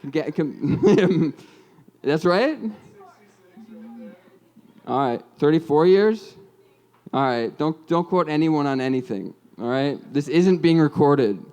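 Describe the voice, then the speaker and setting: A young man in his twenties from Minnesota works through a rambling, self-deprecating stand-up set. His voice sits a little high and comes across smooth and clear over a stage mic. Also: animated, slow pace, pauses often, darkish tone, highs cut off. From Minnesota, USA. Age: 20s. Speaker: stand-up comedian. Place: comedy club stage with audience.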